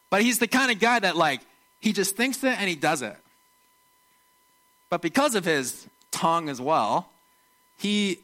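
Bright-voiced conversational male preacher. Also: a little high, poor audio. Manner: conversational, animated, acts out quotes. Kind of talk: sermon.

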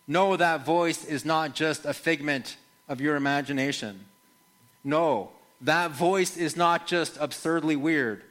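A man preaching a first-person dramatic sermon, measured and earnest, with rhetorical questions to the listeners. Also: a little high, a bit bright. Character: Mary Magdalene retelling the resurrection, played by a man.

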